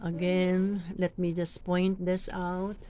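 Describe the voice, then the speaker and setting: A woman with a Filipino accent who coaches lectors, reading scripture slowly and with deliberate emphasis between her tips. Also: fairly low pitch, level tone, mellow. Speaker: lector trainer. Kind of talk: teaching and modeling scripture reading.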